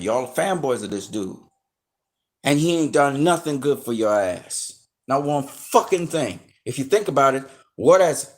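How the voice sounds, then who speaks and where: An online commentator with a medium-pitched voice launches into an unscripted rant at his viewers. Blunt and swearing heavily, he lectures and warns them in emphatic slang, growing heated.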